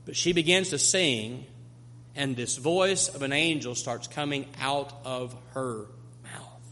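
A man's voice: mid-range voice, slow, sharp tone, a little hiss or hum. A male pastor delivering a sermon, preaching with emphatic repetition to a congregation. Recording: long hall reverb.

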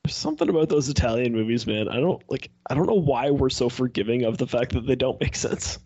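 A man's voice: medium pitch, fast talker, dark tone, slightly rough, dry recording. A man co-hosting a podcast, joking wryly and laughing often in casual chat. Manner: wry, jokey, laughs often. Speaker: podcast co-host. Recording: dull lo-fi podcast audio.

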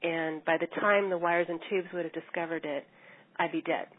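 Middle-aged woman, lowish husky voice, earnest first-person storyteller, heard over a thin phone-like line. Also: fairly even intonation. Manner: earnest, measured telling with small restarts. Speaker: coma survivor telling her story.

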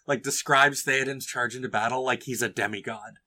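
Man, podcast co-host, casual chat, enthusiastic, bright tone. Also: medium pitch, steady tone, brisk. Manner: enthusiastic, reads passages aloud dramatically. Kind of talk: casual chat and book reading.

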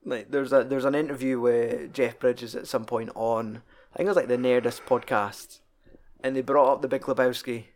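A man's voice: mid-range voice, fairly even intonation, normal speed. A young man, casually chatting about a film, swearing often and laughing as he retells scenes. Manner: sweary, laughing, quotes film lines in put-on voices.

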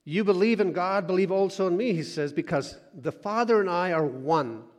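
A man preaching a sermon, moving between loud urging and soft, hushed asides. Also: high-pitched, normal speed. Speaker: pastor. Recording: long hall reverb.

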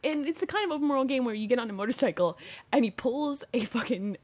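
A woman's voice: fairly high pitch, animated, fast, darkish tone. Profane, laughing woman podcaster. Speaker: podcast co-host. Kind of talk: casual chat.

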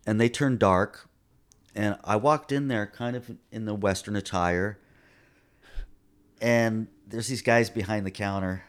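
A man's voice: on the low side, a little slow, clean tone. A middle-aged man chatting casually as a guest, telling rambling, laid-back stories. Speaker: guest musician. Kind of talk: casual chat.

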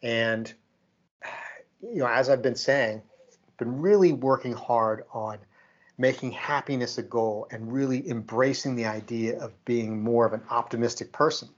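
Animated man telling a story, lo-fi. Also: medium pitch, unhurried. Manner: animated, acts out quoted exchanges. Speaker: podcast co-host. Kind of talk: casual storytelling chat.

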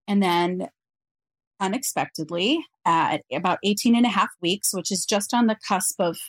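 A woman guest on an interview podcast, telling a personal story in an earnest, reflective way with frequent pauses. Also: mid-range voice, dry recording.

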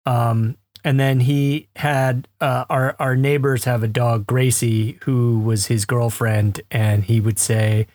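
A man's voice: mid-range voice, little pitch movement, slow, hardly any pauses, a little mellow, no room sound. A man co-hosting a podcast, casually telling rambling stories and laughing as he talks. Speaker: podcast co-host. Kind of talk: casual chat.

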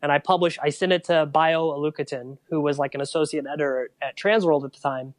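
A man's voice: fairly high pitch, fast talker, no room sound. A man in his thirties from St. Louis, a guest on a podcast, telling stories and acting out the dialogue in them. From St. Louis, USA. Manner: animated storyteller who acts out quoted dialogue. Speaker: guest, motocross journalist and photographer. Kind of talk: casual podcast conversation.

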